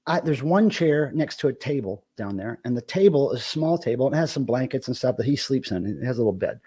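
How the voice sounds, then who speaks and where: A man hosting a live stream, telling a story in a casual, profane, excitable rant. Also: medium pitch, fast talker, husky. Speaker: live show host.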